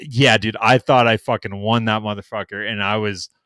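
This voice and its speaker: On a podcast, a young adult man co-hosting tells a story in casual conversation, cursing freely and acting out other people's remarks in a raised, animated voice. His voice is fairly low, at normal speed, with no echo.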